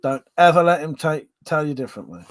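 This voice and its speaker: Fairly high-pitched and expressive, with no room sound at all, this Buckinghamshire man runs a laid-back livestream while having a drink. He reads out viewers' comments, laughs, jokes and swears without restraint, stretching out his agreements and repeating them.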